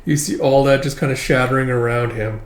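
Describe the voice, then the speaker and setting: A man's voice: mid-range voice, fairly even intonation, fairly quick. A man casually recapping a manga chapter, rambling and swearing, with lots of fillers. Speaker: manga reader and commentator. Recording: roomy echo.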